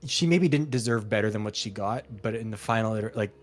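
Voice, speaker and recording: A man's voice: lowish voice, fast talker, soft background music. A man co-hosting a stream in casual chat, giving dry, opinionated commentary. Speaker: co-host.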